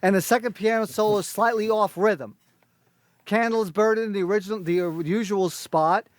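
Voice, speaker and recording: A high-pitched man rattles off a long list of complaints, cursing as he goes. His voice sounds close and dry, with no room around it. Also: no echo. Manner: rapid, blunt, swears constantly. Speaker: panelist ranking concert recordings. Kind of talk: profane critical rant.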